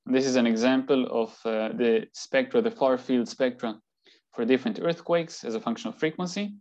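A man giving an academic talk with slides, explaining in a measured way with occasional fillers. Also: mid-range voice, a little mellow, highs cut off. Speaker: seismology lecturer.

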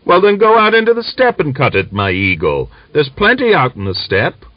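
A man's voice: a little high, wildly swooping pitch, normal speed, dry recording, voice pushed up. Give me a man doing a resentful old peasant woman with a raised, scolding voice, dry and slightly muffled. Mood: grudging. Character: old village woman, sharp-tongued and grudging.

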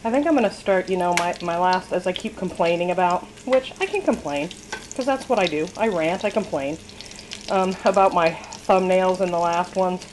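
Chatty, low-voiced woman cooking at home. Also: normal speed, background noise. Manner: rambling, self-deprecating, laughs often. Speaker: cooking vlogger. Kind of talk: casual chatty cooking demo. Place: home kitchen. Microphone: camera on the counter, later a handheld camera.

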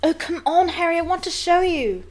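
A woman's voice: very high voice, expressive, moderate pace, pitched above the performer's own voice. A woman voicing an eager, bossy teenage schoolgirl witch who talks urgently. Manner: urgent and insistent.

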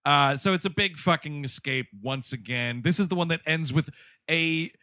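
A man's voice: a little high, moderate pace, bright, forceful tone, dry recording, clean studio sound. A man co-hosting a comedy movie podcast, emphatic and casual, retelling scenes and saying "dude". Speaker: podcast co-host.

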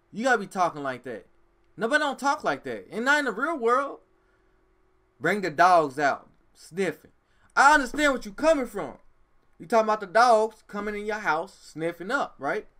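Lively bright-voiced man reacting. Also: high-pitched. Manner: animated, emphatic street slang, says "bro" often. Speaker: music reaction video host. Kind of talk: casual reaction commentary.

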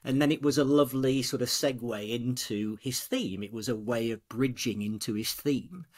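A man's voice: mid-range voice, normal speed. A man, a storytelling coach on a podcast, talking casually and acting out quoted dialogue as he tells stories. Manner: animated, acts out quoted dialogue.

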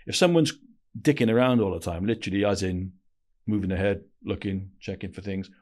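A man's voice: fairly low pitch, a little fast, a little mellow. A man, a podcast guest telling blunt, slangy anecdotes with frequent restarts in a casual interview. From Wales. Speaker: podcast guest, former intelligence operative.

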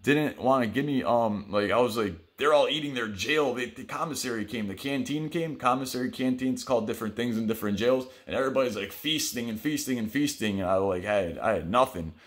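A man's voice: mid-range voice, brisk, hardly any pauses. A man telling his own stories on his vlog in a blunt, rambling monologue full of swearing. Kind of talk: profane storytelling monologue.

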